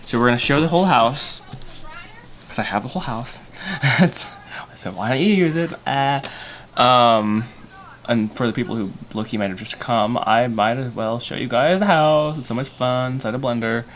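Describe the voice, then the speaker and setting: A man's voice: medium pitch, normal speed, a bit bright, slight background noise. A young man hosting a casual livestream while storyboarding, thinking aloud with self-mocking asides and many fillers. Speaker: animator and livestream host.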